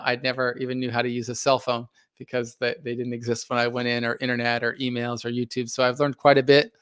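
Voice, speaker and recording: A man's voice: medium pitch, a bit bright, clean tone, no room sound, clean studio sound. Earnest man hosting a live stream. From United States. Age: middle-aged. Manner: earnest, thoughtful, with frequent fillers and restarts. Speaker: live stream host reading viewer comments. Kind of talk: casual live stream talk.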